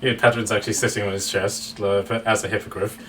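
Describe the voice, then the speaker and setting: A man's voice: lowish voice, level tone, a little fast, a bit bright, slight background noise. A man running a tabletop game as dungeon master, narrating with a giggly, rambling delivery full of fillers.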